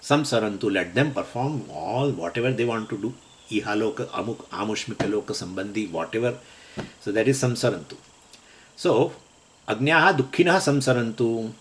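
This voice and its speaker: A man's voice: on the low side, moderate pace, slight background noise. Chuckling man teaching scripture. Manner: chuckles often while explaining; weaves Sanskrit terms into English explanation. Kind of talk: scripture class lecture.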